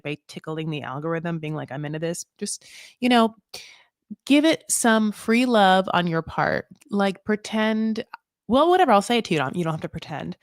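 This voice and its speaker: A woman with a fairly low voice hosts a live show recap, recorded cleanly in the studio with no echo. Her casual live-stream chat rambles, full of fillers, tangents and playful self-mocking asides.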